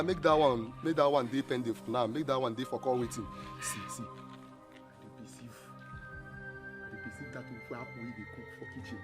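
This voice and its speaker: An actor with a Nigerian Pidgin accent playing an excitable, gossipy male household worker who exclaims loudly and mixes in Igbo. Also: on the high side, natural voice. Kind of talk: film comedy acting. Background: film score music.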